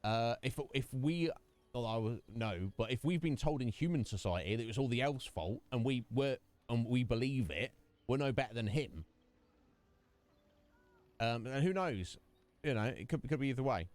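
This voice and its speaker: Animated man streaming a game. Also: medium pitch, normal speed, no echo. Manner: animated ranting, mock-quoting voices. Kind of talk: live gameplay commentary.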